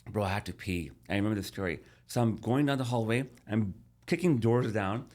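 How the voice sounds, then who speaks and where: His voice is fairly low with a darkish tone, expressive and fairly quick. The man, in his thirties and a guest on a podcast, shares his story casually and animatedly, frequently repeating words and restarting.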